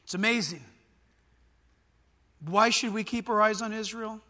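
Animated high-voiced man preaching. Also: a little slow, long reverb tail. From Southern California. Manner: animated and conversational, swings from loud to quiet. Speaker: pastor. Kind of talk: sermon.

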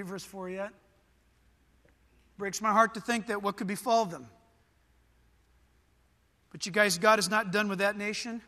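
A middle-aged man from Southern California preaching a sermon, animated and conversational, swinging between loud bursts and quiet asides. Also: high voice, big-room sound. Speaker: pastor.

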